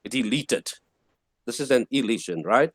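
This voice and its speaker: A male teacher lecturing at an unhurried pace, repeating each word several times so students can copy it. His voice sits at an ordinary pitch. The recording is dry and close, with no room sound. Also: animated, fairly bright tone, no echo. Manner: patient, repeats words slowly to model pronunciation. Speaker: Greek teacher. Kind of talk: classroom lecture.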